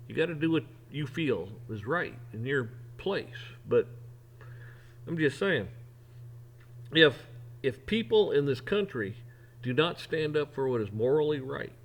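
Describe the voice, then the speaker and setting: Fairly high-pitched and sing-song, this podcast host speaks at a measured pace with long pauses as he delivers an opinion rant on his own show. He's blunt and profane, and he repeats words and restarts when he gets worked up.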